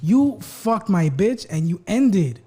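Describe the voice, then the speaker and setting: Man, podcast co-host, crude teaser, husky and high, swings wide in pitch. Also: very animated, takes it slowly. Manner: loud, crude, teasing, exaggerated outbursts. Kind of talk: casual podcast banter.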